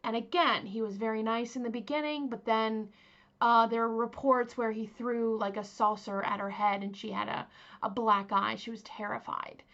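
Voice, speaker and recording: A woman's voice: fairly high pitch, fairly even intonation, normal speed, a bit bright, dull audio. A young woman casually telling a true crime story as host, chatty, with many fillers and asides to her viewers.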